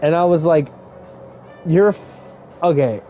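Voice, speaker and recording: Faint music plays behind a lo-fi recording of a gaming streamer doing casual let's-play commentary, drifting into crude, joking anecdotes. He speaks slowly in a mellow, slightly high voice.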